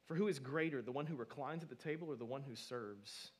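A male pastor preaching a sermon to his church, his delivery swinging between loud and soft. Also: medium pitch, fast talker, slightly rough.

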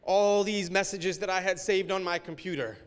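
A man preaching a sermon as a pastor, emotional, moving between hushed, near-whispered passages and forceful climaxes. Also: sits high, normal speed, smooth, big-room sound.

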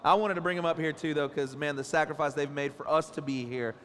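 A fast-talking pastor in his thirties, his voice a little high, preaches playfully on a church stage, cracking jokes and spinning animated family stories. There's church hall reverb and a faint hiss or hum in the recording.

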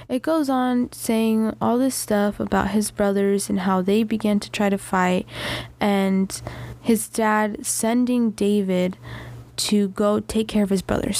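A woman hosts a relaxed faith podcast with a voice that often drops into vocal fry. Her pitch sits in a typical middle range. She retells a Bible story in a loose, chatty way, full of "like", and reads scripture aloud between her comments. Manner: conversational, chatty paraphrasing with frequent "like". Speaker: podcast host.

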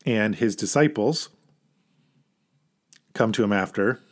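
A male pastor preaches in a plain, conversational way, talking to his listeners rather than orating. His voice sits a little low. He stays earnest throughout and presses harder when he reaches a point he wants to land. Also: takes it slowly. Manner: earnest, informal, emphatic at key points. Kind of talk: conversational sermon.

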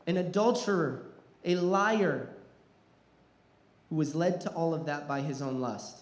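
Earnest male preacher in an echoey hall. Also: high voice. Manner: earnest, repeats words when restarting, rises in intensity. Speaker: pastor. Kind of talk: sermon.

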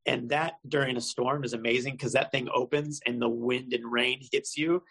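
Gravelly, husky man telling a story. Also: mid-range voice, steady tone, normal speed, fairly bright tone, poor audio. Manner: storytelling, self-mocking. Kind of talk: casual chat.

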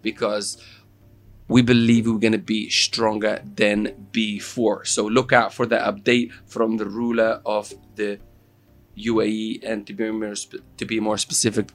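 A man hosting a casual news chat, halting and full of fillers as he shares local updates. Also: fairly low pitch. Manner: halting, with many fillers and restarts.

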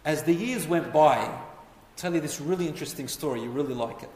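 A man telling a history story as a lecture, animated and putting questions to his listeners. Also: fairly high pitch, brisk. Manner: animated, asks the audience questions. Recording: echoey hall, voice from far off.

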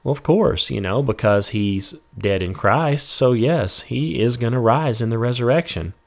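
A man's voice: medium pitch, moderate pace, vocal fry. A man in a casual Bible study, reading verses and then restating them in plain, everyday words, with "you know" and "um". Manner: reads scripture then paraphrases it plainly; relaxed, with fillers like "you know" and "um". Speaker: Bible teacher.

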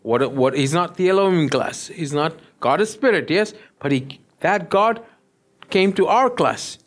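A pastor preaching a sermon, often stopping to check that the listeners follow him. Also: male voice, fairly high pitch, animated, unhurried. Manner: keeps checking in with the listeners, asking "yes?".

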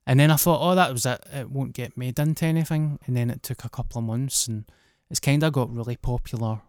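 Scottish comedian guest, blunt, swears, mid voice, no room sound. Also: male voice, medium pitch, steady tone, quick pace, dry recording, clean studio sound. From Scotland. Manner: plain-spoken, blunt storytelling. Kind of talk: casual chat.

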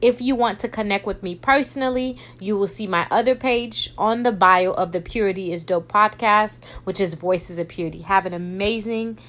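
A woman's voice: medium pitch, moderate pace, hardly any pauses, a bit bright. A young woman hosting a faith podcast, talking in a preachy way and repeating phrases for emphasis. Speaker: podcast host. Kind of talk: faith-based encouragement monologue.

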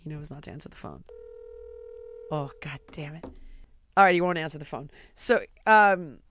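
A woman telling an anecdote in casual chat, animated and acting out quotes, often checking in with "right?". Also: low voice, fast, lo-fi sound, a little hiss or hum. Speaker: storyteller guest.

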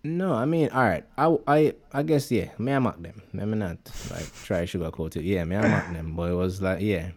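Mellow low-voiced Jamaican man. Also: a little fast, few pauses. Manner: rambling Jamaican patois speech, many fillers. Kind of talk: casual chat.

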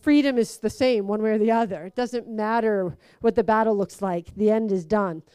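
A woman giving a conversational sermon, telling stories with lively acted-out quotes. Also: medium pitch, moderate pace, clean tone, no room sound. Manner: animated storytelling, acts out quotes. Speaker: preacher.

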